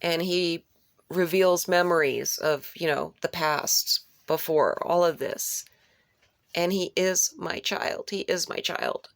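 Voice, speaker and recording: Low gravelly woman, dream retelling. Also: slow pace, dry recording. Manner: repeats phrases for emphasis; rambling, with restarts and searching for words. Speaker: vlogger recounting a dream. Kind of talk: unscripted personal retelling of a dream.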